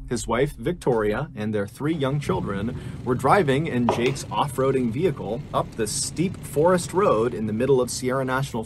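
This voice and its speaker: A man narrating a true missing-person story in a steady storytelling manner that builds suspense. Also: medium pitch, slight background noise.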